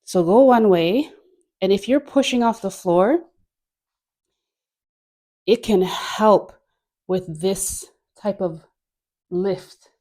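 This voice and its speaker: A woman's voice: mid-range voice, slow pace, long pauses, mellow. A woman leading a guided dance class, chatty and encouraging, laughing often and filling her talk with "like". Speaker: dance instructor.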